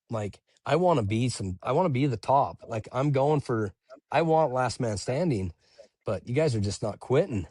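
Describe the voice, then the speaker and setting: A young man telling race stories in relaxed casual chat, dropping "dude" and "bro" as he goes. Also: mid-range voice, moderate pace, dry recording. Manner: laid-back, says "dude" and "bro" a lot. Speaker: podcast guest, ultramarathon runner.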